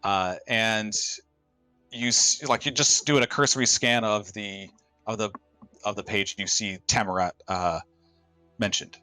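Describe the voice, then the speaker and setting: A man running a tabletop game as game master, talking in a halting way with many restarts. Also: on the low side, steady tone, pushed and bright, no room sound, soft background music. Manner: halting, full of fillers and restarts.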